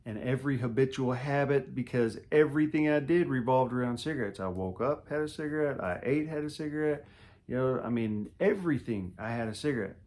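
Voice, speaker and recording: A man's voice: mid-range voice, fairly quick, a little mellow. A man telling his own story in a casual, earnest way, speaking straight to the viewer and repeating himself for emphasis. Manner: earnest, repetitive and emotional, talks to the viewer directly. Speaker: storyteller recounting quitting smoking.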